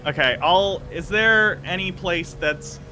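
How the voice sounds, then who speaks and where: A man's voice: sits high, bright, forceful tone, faint music behind. A man playing in a tabletop game, casually declaring what his character does. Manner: quick, casual, declaring actions. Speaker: player.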